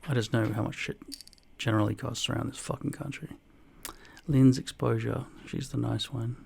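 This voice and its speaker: A man in his forties reading out viewer comments and answering them in a dry, deadpan way, with plenty of swearing. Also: mid-range voice, moderate pace, vocal fry, a little hiss or hum. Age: 40s. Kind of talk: casual comment-reply vlog.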